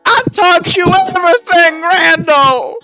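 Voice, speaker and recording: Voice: very high voice, slow pace, music in the background, pitched above the performer's own voice, exaggerated voice. A game master voicing a doting older tavern mother who fusses over the customers in a sing-song way.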